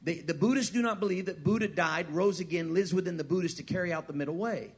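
High-voiced preacher, swinging soft to loud. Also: male voice, fast, husky. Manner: wide swings from hushed to loud, repeats words, asks the crowd. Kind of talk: sermon with a personal story.

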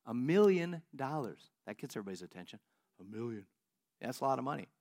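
A man pastor preaching a sermon, telling stories in an animated way and laughing often. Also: mid-range voice, quick pace.

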